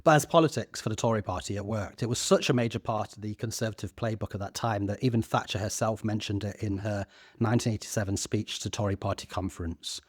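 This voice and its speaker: A man's voice: fairly low pitch, quick pace, dry recording, clean studio sound. A man in his thirties co-hosting a podcast, talking earnestly with a few stammered restarts. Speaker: podcast co-host. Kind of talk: casual discussion.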